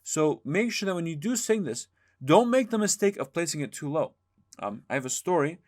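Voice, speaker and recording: A man teaching a music lesson, explaining calmly and singing short chanted examples. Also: a little high, normal speed. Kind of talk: spoken lesson with sung demonstrations.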